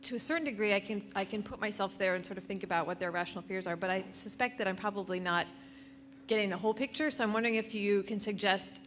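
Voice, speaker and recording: A woman in the audience asking a question, tentative and pausing with ums. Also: mid-range voice, a bit bright, a little hiss or hum.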